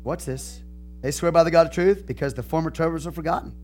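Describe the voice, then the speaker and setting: A man with a Texan accent, a pastor preaching a sermon, moving from calm teaching to loud, fervent preaching. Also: on the high side, fast, slight background noise.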